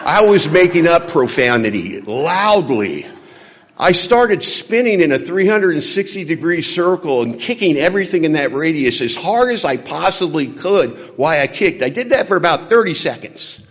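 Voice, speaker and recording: A man giving a recovery talk at a convention, telling a personal story and acting out the dialogue with animated, shifting delivery. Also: on the high side, normal speed. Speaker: recovery speaker. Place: large convention hall. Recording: hall reverb from a large venue.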